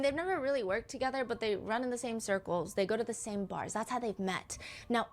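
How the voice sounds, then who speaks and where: A woman hosting a reaction video, casually recapping a true-crime case and acting out quoted texts. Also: a little high. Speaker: reaction channel host.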